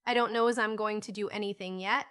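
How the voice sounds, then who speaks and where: A woman's voice: mid-range voice, steady tone, fast, a bit bright, clean tone, natural voice. A woman voicing a poor, hesitant mother of five in an audiobook, stammering and unsure. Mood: flustered.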